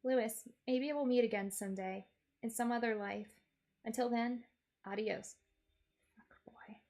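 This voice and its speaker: A woman streamer tells a game's story in the first person, wry and playful. Her voice sits a little high with a gravelly fry running through it. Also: fairly even intonation, moderate pace, darkish tone. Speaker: VTuber game streamer. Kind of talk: in-character comedic game narration.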